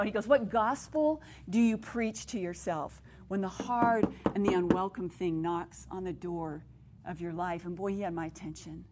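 A middle-aged woman speaking at a women's conference, telling her own story and teaching from the Bible in an animated way that acts out the people she quotes. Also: fairly low pitch, moderate pace, background noise. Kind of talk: personal testimony and Bible teaching.

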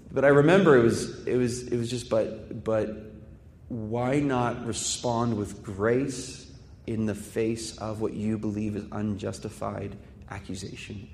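A man preaching a sermon at a mid pitch. He talks like he's chatting with the congregation, mixing rhetorical questions with stories from his own life. His voice rings through a large church sanctuary with a long, lingering echo. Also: normal speed, a little mellow, a little hiss or hum. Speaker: pastor. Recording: echoey hall with long reverb.

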